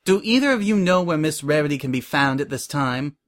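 A man's voice: a little high, expressive, a little fast, lightly acted. A man voicing a professional female pony who runs a fashion show, formal and indifferent.

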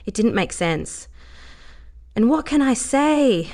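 A woman's voice: fairly high pitch, sing-song, slow, darkish tone, pitched above the performer's own voice. A woman voicing a brash, teasing redheaded young woman who talks crudely and with easy confidence.

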